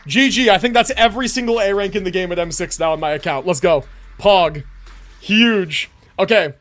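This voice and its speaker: A young man streaming a game, talking casually and excitedly, often laughing and swearing. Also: sits high, normal speed. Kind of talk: casual livestream commentary.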